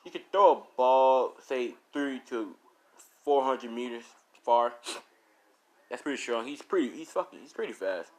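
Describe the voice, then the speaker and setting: A man's voice: mid-range voice, lively intonation, a little slow. A man narrating an improvised fan story in a rambling, self-correcting way, with casual swearing.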